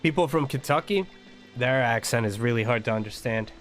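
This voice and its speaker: An American man talks casually while he plays a game, rambling from one thought to the next. He laughs often. His voice sits at a middle pitch. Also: fairly quick, a bit bright, soft background music. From United States. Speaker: streamer. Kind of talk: casual chat while gaming.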